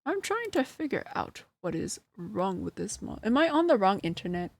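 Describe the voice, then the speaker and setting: Animated, flustered woman streamer. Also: mid-range voice, moderate pace, vocal fry. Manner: flustered and self-deprecating, laughing often. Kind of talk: casual live-stream chat. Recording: dry close sound.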